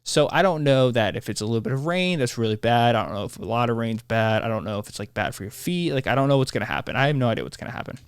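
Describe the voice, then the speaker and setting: Man, podcast host, rambling solo monologue, animated, average pitch, dry close sound. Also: racing, few pauses, clean tone, dry recording. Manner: rambling, animated, self-interrupting.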